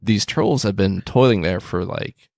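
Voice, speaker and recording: A man's voice: lowish voice, expressive, unhurried, vocal fry, a little mellow, no room sound, clean studio sound. A man co-hosting a casual podcast, teasing and rambling with lots of fillers. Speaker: podcast co-host. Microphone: studio podcast mic.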